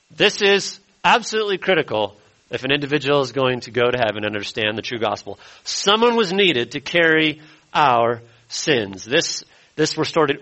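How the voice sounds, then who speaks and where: A man preaching an expository sermon as pastor, emphatic and slowing down to stress key words. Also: a little high, pushed and bright, poor audio.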